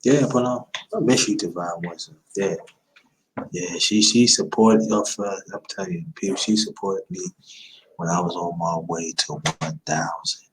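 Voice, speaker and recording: A man's voice: sits low, normal speed, slight background noise, poor audio. A man in his fifties hosting a livestream, giving an emphatic, repetitive motivational talk. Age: 50s. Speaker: livestream host.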